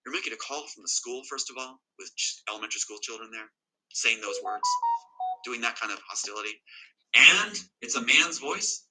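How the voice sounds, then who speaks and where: A man's voice: medium pitch, animated, moderate pace, bright, forceful tone, soft background music, low-quality recording. A man telling an interviewer an emotional personal account, agitated and emphatic, often repeating himself. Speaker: interview guest.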